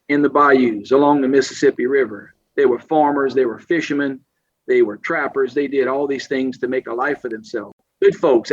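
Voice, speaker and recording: A man's voice: mid-range voice, dull audio. A man from South Louisiana with a Cajun accent, a podcast guest telling stories in a folksy, casual way, laughing often and acting out other people's voices. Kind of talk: casual storytelling.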